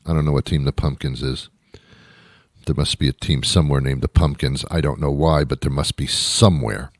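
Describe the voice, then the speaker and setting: A very deep-voiced man rambles through a sardonic comic monologue, addressing a listener who isn't there. The sound is dry and close, with no room around it. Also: a little mellow, no room sound. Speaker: radio comedy host.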